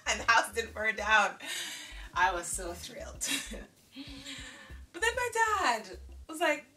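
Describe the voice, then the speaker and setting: A woman's voice: mid-range voice, measured pace, pauses often. A woman from Jamaica telling a childhood story in a casual vlog, acting out the dialogue and laughing as she goes. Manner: animated, laughing, acts out dialogue. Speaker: vlogger. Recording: distant mic with faint music behind.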